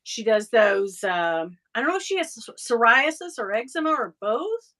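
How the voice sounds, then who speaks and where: Bright-voiced Southern woman chatting live. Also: on the high side, normal speed, poor audio. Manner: chatty and animated, laughing often, breaks into mocking voices. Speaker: live show host. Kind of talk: casual live chat reading viewer comments.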